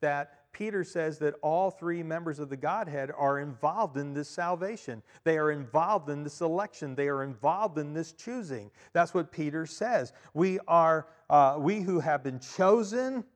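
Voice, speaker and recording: A man preaching a sermon as pastor, emphatic, repeating key phrases and swinging between loud and quiet. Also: fairly high pitch, a little slow, hardly any pauses. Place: church. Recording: long reverb of a church hall.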